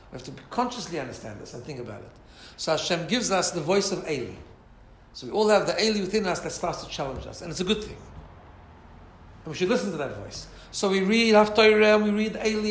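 A rabbi with a high voice teaches an informal Torah class, animated and mixing Hebrew and Yiddish terms. His voice rises and falls as he poses rhetorical questions, and the echoey room carries a faint hum of ambience.

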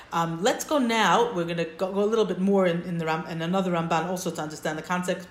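A woman leads a text-study class at a middle pitch, walking through each point and checking in with her listeners. Her voice carries a noticeable roomy echo. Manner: explains step by step, checks in with "right?". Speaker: Torah teacher.

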